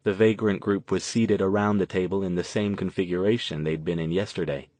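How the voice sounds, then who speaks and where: A man narrating an audiobook in a steady, even storytelling manner. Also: low-pitched, fairly quick, dry recording. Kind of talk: scripted narration.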